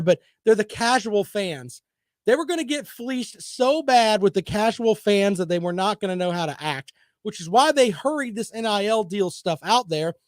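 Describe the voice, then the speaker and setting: A man's voice: high voice, darkish tone, no room sound, studio quality. A man hosting a sports talk show, delivering opinionated, sarcastic commentary in a combative, rambling way.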